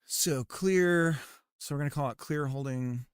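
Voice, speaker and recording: A man's voice: a little high, unhurried, smooth, dry recording. Male streamer, casual and jokey, telling loose stories; clean, resonant voice with a dry, close sound. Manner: rambling, jokey storytelling. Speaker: streamer and game developer. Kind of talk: casual chat while playtesting.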